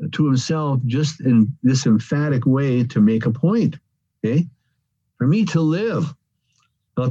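A man leads an evening Bible study in a mellow, slightly husky voice. He explains each word carefully, repeats himself, and stresses the phrases that matter. The sound is dull and lo-fi. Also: medium pitch. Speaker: Bible teacher. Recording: dull lo-fi recording.

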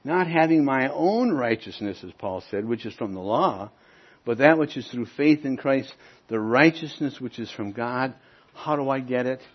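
A man preaching a sermon, moving between loud, emphatic points and quieter storytelling. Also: medium pitch, normal speed, dull audio. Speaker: pastor.

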